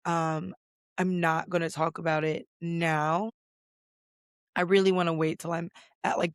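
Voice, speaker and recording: A woman hosting a casual solo podcast in a chilly office, hoarse with her voice mostly gone, chatty and rambling with a self-deprecating manner. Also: fairly low pitch, no room sound, clean studio sound. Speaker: podcast host. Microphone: computer recording setup.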